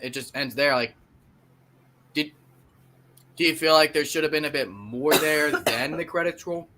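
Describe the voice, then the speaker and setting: Enthusiastic slangy male reviewer, bright forceful voice. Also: a little high. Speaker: film reviewer. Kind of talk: casual movie review chat.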